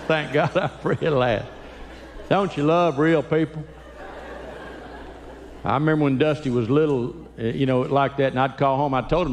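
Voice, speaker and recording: A man telling animated, folksy comic stories live in a church auditorium. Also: fairly high pitch, a little hiss or hum. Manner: animated, folksy, quick bursts. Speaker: Christian comedian. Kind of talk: live comedy storytelling. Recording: live hall with long reverb.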